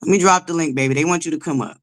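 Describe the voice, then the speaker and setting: A woman's voice: low voice, very fast. A woman hosting a live stream, chatty and swearing freely as she talks to her viewers. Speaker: livestream host. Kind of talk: casual live-stream chat.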